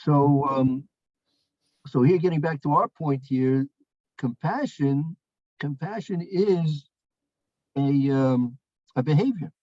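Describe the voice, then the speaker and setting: A man with a fairly high voice gives a weekly Torah lesson, telling a story and repeating his phrases, stumbling over fillers and restarts. The recording is dry and dull, like a lo-fi lecture tape. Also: slow pace, pauses often, darkish tone, no room sound. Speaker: Torah teacher.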